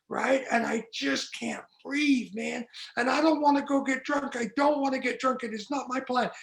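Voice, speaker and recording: His voice is very high, creaky, and fairly bright, moving at a normal pace through a room with echo. Sharing at a recovery meeting, he's frank and self-mocking, repeating phrases rhythmically and performing his inner voices and conversations.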